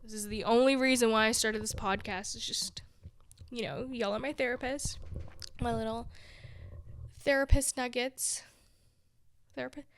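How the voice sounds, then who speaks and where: A young woman from a big city talks through a meandering, casual monologue on the podcast she hosts, her slightly high voice steady and smooth at a moderate pace with frequent pauses. Weary and dispirited, at times almost in tears, she still laughs at herself often. There's no echo.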